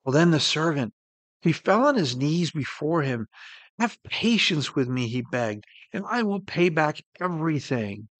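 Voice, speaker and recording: A preacher gives an earnest sermon in a slightly high voice, very animated yet unhurried. He swells on key points and sinks to a soft hush, recorded close and dry with no room sound behind him.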